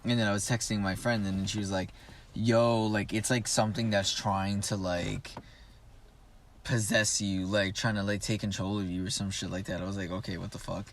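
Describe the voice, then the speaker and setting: A man's voice: fairly low pitch, flat delivery, normal speed, a little hiss or hum. Young adult male co-host, loose rambling storyteller, filler-heavy, profane. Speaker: podcast co-host. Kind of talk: casual storytelling among friends.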